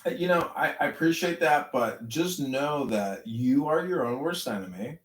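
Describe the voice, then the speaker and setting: A man holding forth on spirituality in a preachy, rambling manner, calm one moment and fervent the next. He sounds set back from the mic, and the capture rings with echo. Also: fairly high pitch, normal speed. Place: online audio chat room. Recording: echoey, distant audio-room capture.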